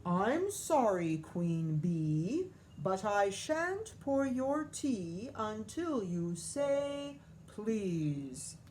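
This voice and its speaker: A woman's voice: medium pitch, sing-song, extremely slow, hardly any pauses, noisy background. A woman reading aloud and voicing a polite, stern male butler who refuses to serve without a please. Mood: prim. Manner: prim, proper refusal.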